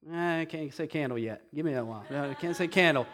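A man putting on the inner voice of a baby girl who can't say words yet, mumbling dismissively and quietly. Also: a little high, fast talker, lightly acted. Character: babbling baby girl, stubborn and unbothered.

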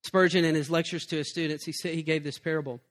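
A man preaching in an earnest, conversational way, with a fairly high voice for a man. He talks the listeners through his point plainly and sincerely. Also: fairly even intonation, fast. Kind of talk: sermon on preaching.

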